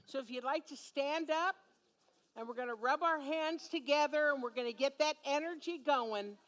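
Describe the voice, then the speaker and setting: A woman's voice: high voice, normal speed, a bit bright. A woman minister leading a closing blessing, playful and encouraging.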